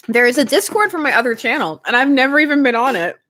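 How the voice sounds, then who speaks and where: A young woman chatting casually with her stream viewers, giggling often and talking in an animated way. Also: high-pitched, no echo. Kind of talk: casual live-stream chat.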